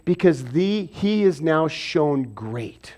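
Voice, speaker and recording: Guy preaching a sermon, pretty high voice, asks questions then answers them himself. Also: very animated, slow pace, darkish tone. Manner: acts out biblical and everyday voices.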